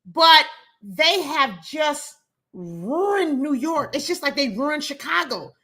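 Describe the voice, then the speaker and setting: Woman host, high bright voice, emphatic and repetitive, cuts in on callers. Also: sing-song, takes it slowly. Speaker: call-in show host. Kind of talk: casual call-in talk.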